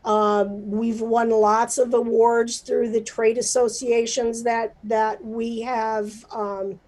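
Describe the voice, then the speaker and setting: Middle-aged woman, newspaper publisher, chatty, emotional, high-ish mellow voice. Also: flat delivery, slow pace, rough recording. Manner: chatty, emotional, lots of fillers. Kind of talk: livestreamed interview.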